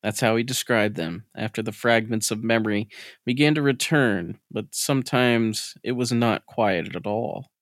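A man's voice: on the low side, normal speed, dry recording. Dry, close male storyteller. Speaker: podcast narrator. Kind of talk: scripted story narration.

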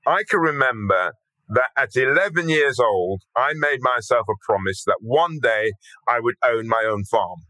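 Older male guest, forceful and bright, emphatic, swears freely. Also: mid-range voice, expressive, normal speed, dry recording, poor audio. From Birmingham, England. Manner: blunt, earthy and emphatic, swears casually. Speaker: podcast guest. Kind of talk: storytelling interview talk.

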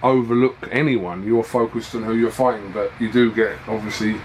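A man's voice: lowish voice, steady tone, normal speed, background noise. A man interviewing a boxer in a casual, chatty and self-deprecating way. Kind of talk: casual fight-week interview.

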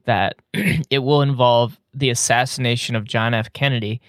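A male podcast co-host in casual chat, animated and mock-outraged, often laughing. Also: medium pitch, moderate pace, no echo, studio quality.

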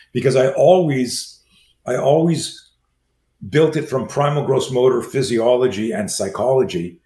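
A man in his sixties, a self-defense trainer, telling stories as a guest and acting out quoted dialogue in a lively way. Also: medium pitch. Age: 60s. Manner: acts out quoted dialogue, fast lively delivery. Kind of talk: animated storytelling in conversation. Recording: roomy echo with faint ambience.

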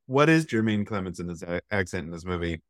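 A man's voice: sits low, expressive, quick pace, fairly bright tone, no echo. Playful man, dry close sound. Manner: joking, playful. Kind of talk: casual chat.

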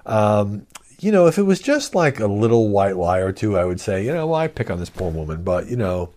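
A man's voice: fairly low pitch, darkish tone. A man hosting a podcast, giving casual, skeptical media commentary with frequent fillers. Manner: reads a quoted statement aloud. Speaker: podcast host.

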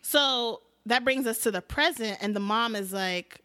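A woman's voice: a little high, a little slow, bright, forceful tone, no room sound. A woman co-hosting a casual podcast, recapping a TV episode and acting out the characters' lines. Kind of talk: casual chat.

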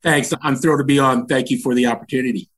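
A man's voice: medium pitch, fast talker. A man in his sixties from Washington, DC, a podcast guest telling stories about his upbringing in an earnest, reflective way. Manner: earnest, animated when recounting anecdotes. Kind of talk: reflective storytelling.

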